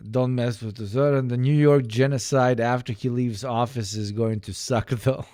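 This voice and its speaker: A man's voice: medium pitch, steady tone, moderate pace, darkish tone, dry recording, studio quality. A man streaming a casual reaction, joking and sarcastic, often laughing and restarting his sentences. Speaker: streamer reacting to online posts. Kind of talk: casual livestream reaction commentary.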